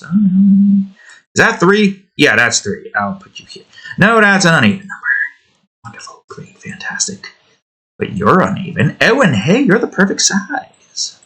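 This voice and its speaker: Working on his game, a hobby developer from the United States keeps up loose, joking commentary laced with swearing, addressing the on-screen pieces as if they were listening. His voice is bright, forward, and husky at a medium pitch.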